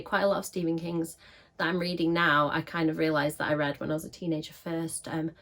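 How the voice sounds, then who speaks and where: A woman with a scratchy voice, chatting casually to camera as a book vlogger with frequent filler ums. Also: fairly low pitch.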